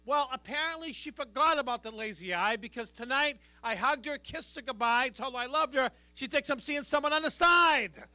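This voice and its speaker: A man's voice: very high-pitched, normal speed, hardly any pauses, bright, forceful tone, no echo. A middle-aged man doing a stand-up comedy routine on a live stage, working the crowd with a brash, punchy delivery. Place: live stage before an audience.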